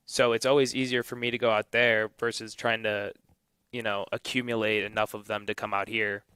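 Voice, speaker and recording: A man's voice: fairly low pitch, level tone, a little fast, sharp tone, clear, resonant tone, no echo. A man in his twenties from Illinois, co-hosting a casual morning radio chat from a studio, rambling with many fillers. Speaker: radio co-host. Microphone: studio microphone.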